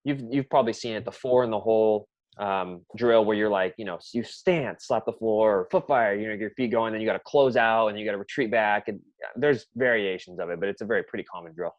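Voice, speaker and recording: A man's voice: lowish voice, fairly quick, dry recording. Man coaching, dull dry sound. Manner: storytelling, acts out players' reactions. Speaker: basketball coach, podcast co-host. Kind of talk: casual podcast chat.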